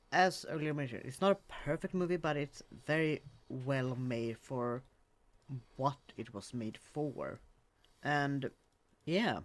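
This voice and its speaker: A man co-hosting a podcast, chatting casually about a movie and often restarting his phrases. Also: mid-range voice. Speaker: podcast co-host.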